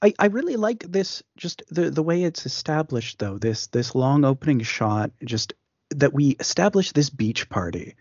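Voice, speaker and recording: A man's voice: fairly high pitch, very animated, moderate pace, darkish tone, no echo, muffled recording. A man co-hosting a podcast, chatting casually about films, with many fillers and restarts. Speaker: podcast co-host. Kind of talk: casual film discussion.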